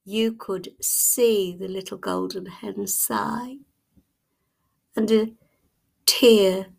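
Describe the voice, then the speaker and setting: A woman tells a storybook tale in whispered storytelling ASMR, her voice hushed and husky. She speaks extremely slowly with long lingering pauses, and a gravelly fry runs underneath her words. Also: mid-range voice.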